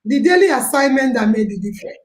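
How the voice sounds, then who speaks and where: Nigerian female host, high and very animated, laughing and exclaiming, pidgin mixed in, echoey room. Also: fast talker. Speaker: podcast host. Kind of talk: animated storytelling and live chat. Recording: roomy echo.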